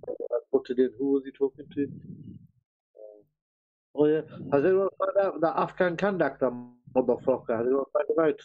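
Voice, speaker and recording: A man's voice: mid-range voice, normal speed, pauses often. A man hosting a live stream, joking around crudely and swearing often, with a teasing, repetitive way of talking. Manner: swears freely, teasing, repeats "you know what I mean". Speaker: stream host. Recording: dull lo-fi stream audio.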